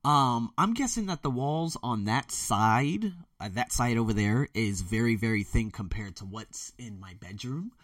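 A young man rants bluntly and heatedly, swearing freely, with a lively pitch that swings up and down. He is recorded in a dry, closed bedroom, sitting a little back from the mic. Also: unhurried, few pauses, dry recording, far from the mic. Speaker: podcast host. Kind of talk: casual ranting monologue. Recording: dry room, voice a bit off-mic.

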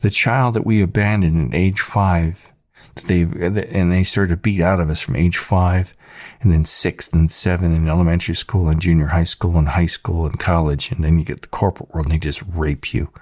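A deep-voiced man rants sarcastically in a casual monologue for his channel. The recording is dry and close, with no room sound. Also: fairly even intonation, normal speed, a little mellow, dry recording. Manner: ranting, sarcastic. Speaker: channel host.

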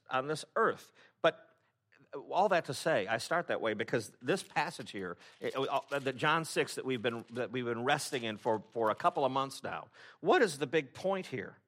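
This pastor's sermon comes at a moderate pace in a mid-range, slightly bright voice with lively intonation. Wry and conversational, he frequently cuts himself off mid-sentence and starts over.

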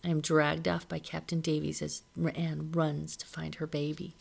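Low, gravelly-voiced woman reading aloud. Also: little pitch movement, normal speed. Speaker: reader of a novel.

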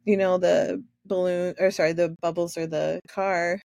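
A woman's voice: fairly low pitch, level tone, moderate pace, vocal fry, no room sound. Brief: older woman, podcast host, emotional and open, dry close-mic sound. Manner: warm, emotional, laughs while talking. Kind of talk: casual podcast chat.

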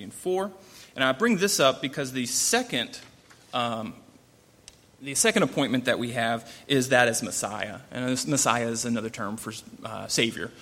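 A man's voice: medium pitch, fairly bright tone. Man teaching scripture in an echoing hall. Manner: conversational, with frequent fillers and restarts. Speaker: Bible teacher. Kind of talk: informal Bible teaching.

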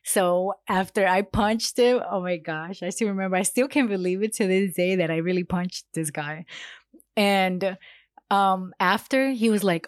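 A woman's voice: mid-range voice, a little slow, dry recording, studio quality. A woman telling a personal story to her viewers in a casual, blunt way. She swears freely and acts out what each person said. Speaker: vlogger.

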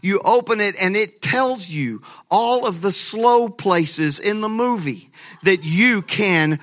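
A man pastor preaching a sermon, telling a lively story with laughter and frequent restarts. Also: high-pitched, slow.

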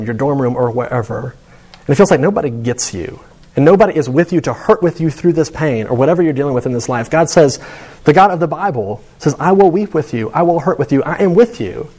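A man's voice: fairly high pitch, animated, fairly quick, darkish tone. A man giving a sermon to students in a conversational, storytelling way. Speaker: preacher.

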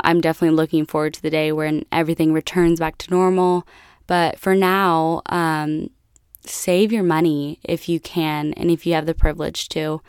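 Young American woman, podcast host, low-ish voice, very smooth and clear, dry close sound. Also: dry recording. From United States. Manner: chatty, laughs often, addresses listeners as guys. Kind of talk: casual solo storytelling.

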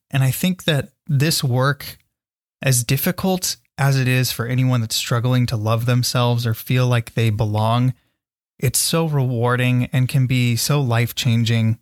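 A man's voice: medium pitch, no echo, studio quality. Earnest, encouraging man hosting a podcast. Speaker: podcast host. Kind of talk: solo self-help podcast talk.

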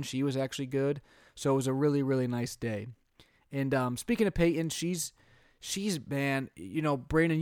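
Chatty dad telling family stories. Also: male voice, mid-range voice, no room sound, clean studio sound. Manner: chatty, animated storytelling with quoted voices. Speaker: podcast co-host, father. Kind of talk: casual chat.

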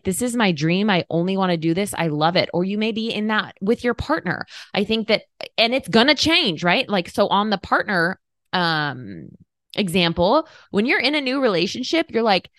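A woman's voice: mid-range voice, no echo, studio quality. A woman in her thirties talking candidly on her podcast, chatty and encouraging, acting out inner voices as she goes. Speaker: podcast host. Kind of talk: casual motivational monologue.

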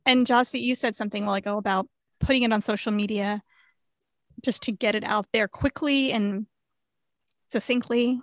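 Frank woman with a higher voice. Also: steady tone, moderate pace, long pauses, no echo. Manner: frank, laughs easily, swears. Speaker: guest sharing grief story. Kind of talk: candid podcast conversation.

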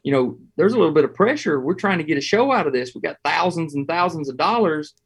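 A Southern-accented man from Georgia talks in a fairly high, bright voice for a man. He spins hunting yarns with a folksy, animated delivery and chuckles through them, in a relaxed interview chat. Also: fast talker, breathy edge. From Georgia, USA. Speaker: hunting guest. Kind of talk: casual interview storytelling.

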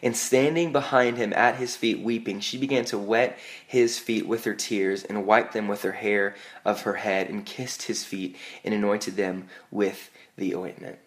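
A young man preaching a sermon to a church congregation in a conversational way, with frequent "like" and quick restarts, telling self-deprecating stories. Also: fairly low pitch, fairly even intonation. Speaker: pastor.

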